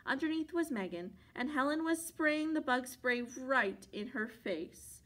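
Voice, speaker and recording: A woman reading a picture book aloud for children at a library, animated and playful with sound effects. Her voice is high and crisp, with a bright edge. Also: a little slow. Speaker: library storyteller.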